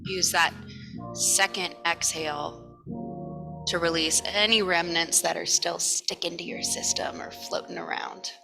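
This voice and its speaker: A woman teaching a morning yoga class, chatting casually and then giving calm, relaxed breathing cues. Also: fairly low pitch, a little slow, gravelly, over music. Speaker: yoga instructor.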